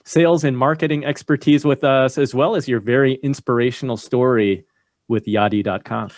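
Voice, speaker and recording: A man's voice: mid-range voice, steady tone, moderate pace, a little mellow, dry recording, clean studio sound. A man hosting an interview podcast, thanking his guest and closing the episode in an upbeat manner. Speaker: podcast host. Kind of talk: interview host and closing monologue.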